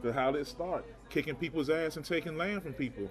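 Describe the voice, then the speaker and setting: On a relaxed talk podcast, this male co-host tells animated, meandering stories, often doubling back on his words. He speaks fast, in a slightly high voice.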